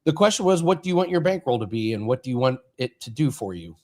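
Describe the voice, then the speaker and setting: A man's voice: medium pitch, very animated, fast, a little mellow. A man hosting a sports betting show, conversational and easy, prone to laughing. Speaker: host. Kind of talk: casual betting talk.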